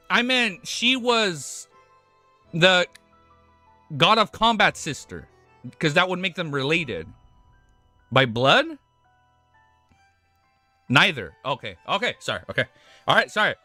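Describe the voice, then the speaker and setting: A young man chats live on stream with a bright, animated voice that swings widely in pitch. He gets excitable, swears freely, stumbles over his words and laughs often. The mic is close and dry, with faint music underneath. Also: slow, long pauses, dry recording. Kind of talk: casual livestream chat.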